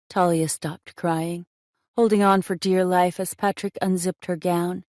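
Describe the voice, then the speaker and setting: Low-voiced woman narrating a romance. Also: flat delivery, unhurried, darkish tone, no echo, studio quality. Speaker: audiobook narrator.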